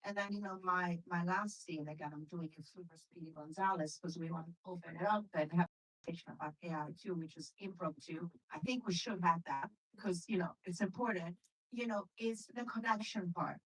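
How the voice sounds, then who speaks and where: A middle-aged woman producer giving a chatty talk on pitching films, full of asides and acted-out quotes. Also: fairly even intonation, fairly quick, fairly bright tone, breathy edge, poor audio. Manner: chatty, lots of "you know", acts out quoted lines. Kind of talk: animated talk to an audience.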